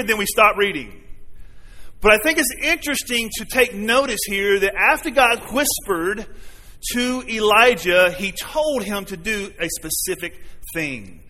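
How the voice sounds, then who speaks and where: Bright high-voiced preacher in a reverberant hall. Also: male voice, animated, unhurried. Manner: earnest, conversational, asks the congregation questions. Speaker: pastor. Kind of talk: sermon. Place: church sanctuary.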